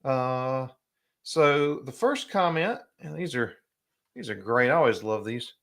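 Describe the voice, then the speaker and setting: A middle-aged man with a South Carolina accent hosting a casual live stream, chatty and drawling, often clearing his throat. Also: mid-range voice, expressive, unhurried, a bit bright. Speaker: host.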